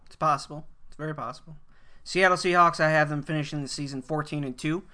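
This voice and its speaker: A man co-hosting a casual sports podcast with a bright, smooth voice. He lays out his predictions in a steady, matter-of-fact way. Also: fairly high pitch, fast. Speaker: podcast co-host.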